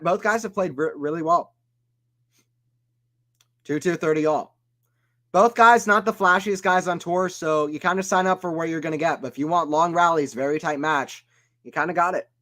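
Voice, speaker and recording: Man with an American accent, casual play-by-play tennis commentary, chatty and off topic, a bit high-pitched. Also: a bit bright. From American South. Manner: chatty, reads chat aloud and drifts off topic. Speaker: stream commentator.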